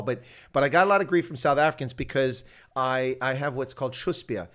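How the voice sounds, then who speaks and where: A man's voice: mid-range voice, a bit bright. A man hosting a casual interview show, chatty and enthusiastic, rambling as he talks. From United States. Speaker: host.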